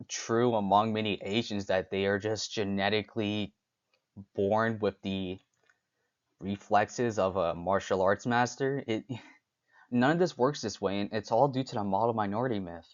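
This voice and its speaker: Young man, solo podcast talk, halting delivery, fairly low voice, muffled lo-fi sound. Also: fairly even intonation. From United States. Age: young adult. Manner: halting, frequent restarts and fillers. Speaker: podcast host. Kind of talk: unscripted solo talk on stereotypes.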